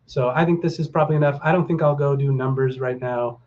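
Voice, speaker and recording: A man's voice: medium pitch, steady tone, fast talker, darkish tone, lo-fi sound. A middle-aged man hosting a casual livestream for his viewers, rambling and upbeat, with lots of fillers and a rallying tone. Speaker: stock market livestream host.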